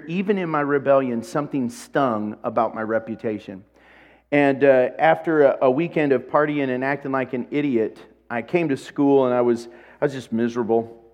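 A man preaching a sermon as pastor, telling a personal story with animation and acting out bits of dialogue. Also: medium pitch.

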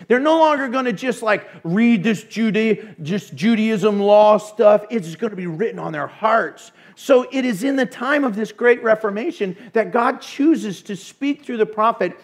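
A male pastor preaching a sermon in an animated way, acting out voices with sudden hushes and bursts. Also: high voice, measured pace.

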